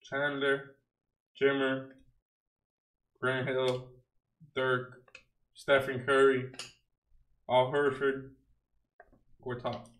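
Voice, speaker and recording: A man's voice: mid-range voice, completely flat delivery, drawn-out words, pauses often, fairly bright tone, echoey room, rough recording. A young man opening trading card packs on a stream, talking casually in slang and joking with mock outrage at the cards he pulls. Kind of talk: casual unboxing chat.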